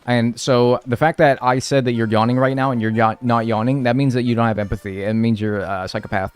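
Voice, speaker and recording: Smooth and medium-pitched, this man's voice runs a little fast with fairly even intonation. While streaming a game, he keeps up laid-back, slangy banter with his viewers, answering chat and using "dude" and "like" constantly.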